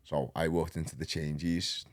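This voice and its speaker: Very deep-voiced Liverpool man telling stories. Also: a little slow. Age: 30s. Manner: rambling and animated, peppered with slang. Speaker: podcast guest. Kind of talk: casual storytelling.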